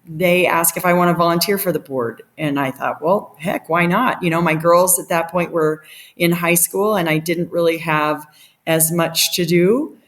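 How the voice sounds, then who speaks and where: A middle-aged woman spinning a story as a podcast guest, animated and quick to laugh, slipping into the voices of the people she quotes. Her voice sits a little low for a woman. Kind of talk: casual storytelling.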